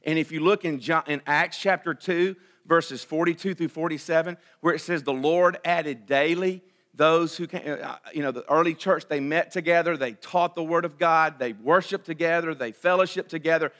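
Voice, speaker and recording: A man delivers a sermon as a church pastor, his voice high-pitched and ringing with brightness. He preaches emphatically, repeating key phrases and moving between loud, forceful outbursts and quiet, hushed stretches. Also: moderate pace.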